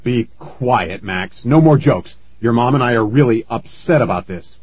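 A man voicing an angry father who scolds and shouts warnings, on a dull, lo-fi recording. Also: mid-range voice, animated, normal speed, slightly rough. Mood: angry stern.

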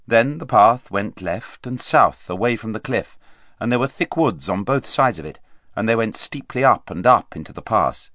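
Expressive male audiobook narrator. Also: on the low side, normal speed, no echo, studio quality. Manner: expressive storytelling, varied pace.

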